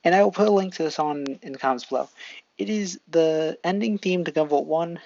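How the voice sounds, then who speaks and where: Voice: mid-range voice, a little fast, darkish tone, lo-fi sound. A storyteller reading a fan story aloud casually, rambling and stopping to fix slips.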